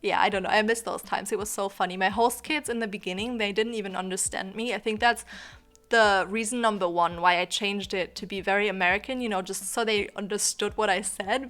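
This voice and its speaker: A young woman, not a native English speaker, talks casually into a desk mic as she vlogs. Her tone is chatty and rambling, and it is often broken by small giggles. Her pitch sits right in the middle of the usual range. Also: brisk, fairly bright tone. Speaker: YouTuber. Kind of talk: casual chat over gameplay.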